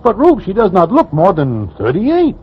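A wry Broadway storyteller. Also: male voice, high voice, wildly swooping pitch, normal speed, a little hiss or hum. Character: wry easygoing male Broadway storyteller, middle-aged. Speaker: narrator and character called Broadway. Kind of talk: 1940s radio drama acting. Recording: dull old radio recording.

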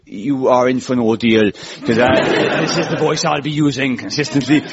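A man's voice: mid-range voice, steady tone, normal speed, a loud crowd, very noisy. Rambling Welsh comic in his twenties. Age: 20s. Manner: rambling, self-mocking. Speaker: comedy show host. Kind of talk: stand-up comedy monologue. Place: radio studio with live audience. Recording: lo-fi with loud audience laughter.

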